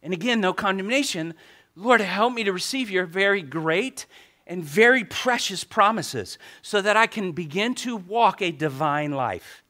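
A man preaching a sermon as pastor, animated and joking with the congregation. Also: high-pitched, a little slow.

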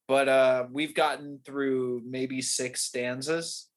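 A young man hosts a loose, casual chat and rambles through profane stories, laughing as he goes. His pitch sits at an ordinary middle level for a man. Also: fairly even intonation, unhurried, few pauses.

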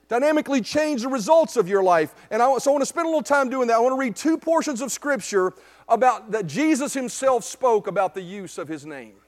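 A man with a strikingly high voice preaches to a church congregation. He speaks with strong emphasis and keeps checking in with his listeners through rhetorical questions. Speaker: pastor. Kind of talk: sermon. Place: church service.

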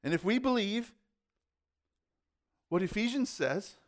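High voiced guy preaching a sermon, chatty, keeps asking the crowd questions. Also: expressive, measured pace. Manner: conversational preaching with rhetorical questions and asides. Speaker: pastor.

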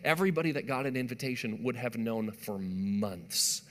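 Male pastor mid-sermon, mid-range voice, building emphasis and soft hushes, long reverb of a big room. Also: mid-range voice, lively intonation, moderate pace. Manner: emphatic preaching, rising and dropping to a hush.

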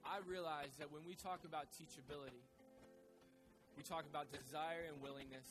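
A male pastor preaching a sermon in a conversational way, repeating his key phrases for emphasis. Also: on the high side.

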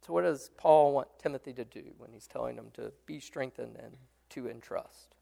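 A man's voice: mid-range voice, fairly quick, vocal fry, dark tone. A man leading a Bible study discussion, explaining a passage with many fillers and restarts and answering his students. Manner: explains patiently, responds to students.

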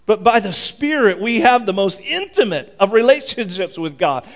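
A male pastor giving a sermon in a church, talking in an animated, conversational way, fervent and full of restarts. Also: sits high, moderate pace, hardly any pauses.

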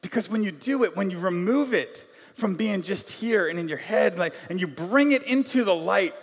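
A man preaching with a high, bright voice, talking loosely and conversationally, with many fillers. His energy swings between loud bursts and quiet asides. The sound rings with the long reverb of a large hall. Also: expressive, normal speed, breathy edge. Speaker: pastor. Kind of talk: sermon.

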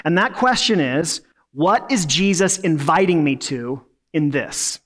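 Male lead pastor, casual sermon delivery, slightly high voice, lots of fillers. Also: lively intonation, a little slow, a bit bright. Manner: conversational, self-deprecating, frequent uh fillers. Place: church sanctuary.

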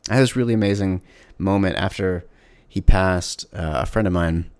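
A man hosting his own solo podcast, talking candidly and reflectively, pausing and restarting often. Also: deep voice, a little mellow, clear, resonant tone, no echo. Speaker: podcast host. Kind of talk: casual solo podcast monologue.

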